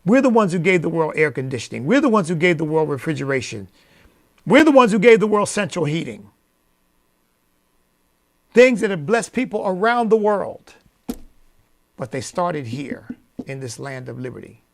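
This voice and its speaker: A male radio host with a gravelly, fairly high voice delivers an emphatic monologue into a studio mic. He drops to quiet asides, then climbs to loud, preacherly peaks.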